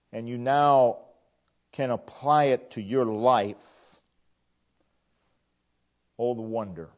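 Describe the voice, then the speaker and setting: A male preacher delivers a sermon at an unhurried pace, earnest and prone to repeating his phrases. His voice sits at an ordinary pitch. The recording sounds muffled and lo-fi. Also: darkish tone. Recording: dull lo-fi recording.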